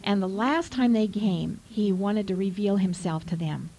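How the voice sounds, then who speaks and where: A woman's voice: mid-range voice, normal speed, dark tone, rough recording. A woman co-hosting a faith program, telling a scripture story with earnest feeling. Her voice sits in an ordinary middle register, and she reads the verses with care. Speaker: co-host. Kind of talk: Bible teaching talk.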